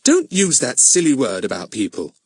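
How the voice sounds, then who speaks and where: A man's voice: mid-range voice, sing-song, normal speed, slightly rough, no echo. A man reading an audiobook voices a proper, middle-aged mother who speaks in a prim, fretful way. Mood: stern.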